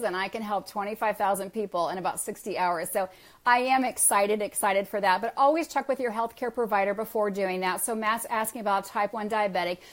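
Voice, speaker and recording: A woman wellness coach speaks on a live stream, rushing through her points with eager enthusiasm. Her voice sits at an ordinary middle pitch. She talks quickly and answers viewer comments as she goes. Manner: fast-talking, enthusiastic.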